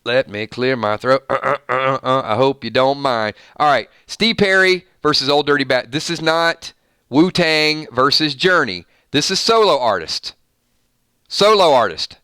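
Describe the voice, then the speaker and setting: Bright, crisp-voiced man hosting a stream. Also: mid-range voice, moderate pace, no room sound, clean studio sound. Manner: playful, animated, reading out votes. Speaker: host. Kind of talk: live-stream music matchup chat.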